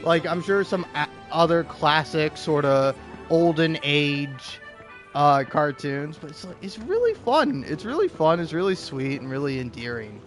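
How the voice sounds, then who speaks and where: High-voiced young man rambling about shows. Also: big pitch swings, a little slow, fairly bright tone, soft background music. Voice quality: rambling, full of "like" and restarts. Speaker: gaming video host. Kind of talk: rambling comedic gaming commentary.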